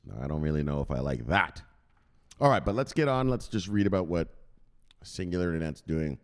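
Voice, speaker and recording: A deep-voiced American man delivers crypto news at a brisk clip, very animated as he reads an article aloud. He breaks off often for casual, chatty asides to viewers and asks them to google things.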